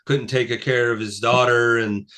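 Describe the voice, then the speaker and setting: A man in his sixties chatting as a guest musician on a casual interview, rambling with many fillers and acting out the people he quotes. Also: normal speed. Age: 60s. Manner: rambling, full of "you know" fillers; acts out quoted people with lively pitch jumps.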